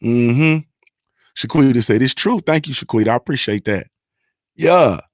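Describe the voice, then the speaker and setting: A man's voice: medium pitch, lively intonation, moderate pace, no room sound, clean studio sound. Emphatic, profane male livestream host. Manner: emphatic, repetitive, profane, keeps asking "you understand". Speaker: livestream host reading chat. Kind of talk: casual livestream talk to viewers.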